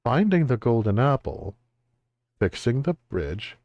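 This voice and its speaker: A man's voice: medium pitch, very animated, unhurried, no room sound, dull audio. A man streaming a video game, giving wry, joking commentary with exaggerated exclamations. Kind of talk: let's-play commentary.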